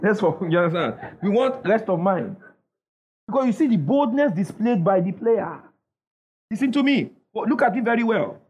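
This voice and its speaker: This preacher's voice sits high and is expressive, a little mellow, and husky, moving at a moderate pace. He drives an emphatic call-and-response, asking the crowd "what?" so they'll finish his sentences, in dull lo-fi audio.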